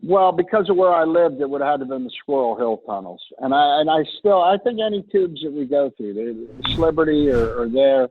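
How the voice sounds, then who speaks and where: A man's voice: fairly high pitch, animated, fairly quick, hardly any pauses. A middle-aged man with a Pittsburgh accent, co-hosting in casual chat and joking while rambling with restarts. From Pittsburgh, USA. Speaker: co-host. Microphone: remote video call. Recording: phone-line audio.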